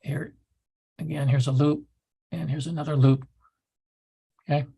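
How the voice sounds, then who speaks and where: A man's voice: on the high side, little pitch movement, measured pace, warm tone, breathy edge. A man instructor giving a recorded lecture in a loose, rambling way with many restarts.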